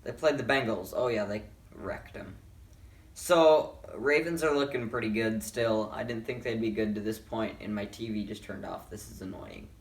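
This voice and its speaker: A man's voice: fairly low pitch, normal speed. A tired man casually making football picks, rambling and correcting himself as he goes. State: tired, yawning. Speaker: sports picks vlogger. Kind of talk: casual picks and predictions talk. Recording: roomy, mic a bit far off.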